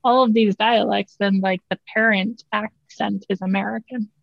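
A woman co-hosting a casual podcast, curious and quick to ask questions, on a dull lo-fi mic. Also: mid-range voice, fairly even intonation, vocal fry, no echo. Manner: curious, asks questions, laughs easily. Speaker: podcast co-host.

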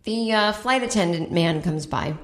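Animated woman comedian telling a story. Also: moderate pace, reverberant. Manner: animated, acts out voices with big pitch jumps. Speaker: podcast host and comedian. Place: home in Brooklyn.

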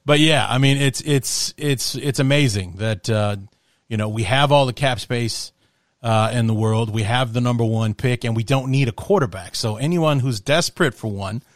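A man's voice: mid-range voice, moderate pace, dry recording. Male host, casual sports chat, restarts often, dry close mic. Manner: rambling, with many restarts and laughs. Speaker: podcast host.

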